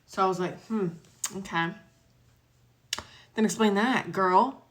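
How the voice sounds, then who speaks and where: A young woman tells a personal story in a casual storytime vlog. She is chatty and animated, acting out the other people's words and swearing freely. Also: mid-range voice, slow pace. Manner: chatty, animated retelling with acted quotes and swearing. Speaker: vlogger.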